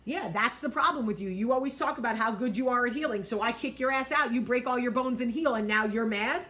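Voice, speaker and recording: A woman voicing a smug, manipulative male narcissist partner, with a mocking, condescending tone and her voice pitched up. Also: fairly quick, sharp tone.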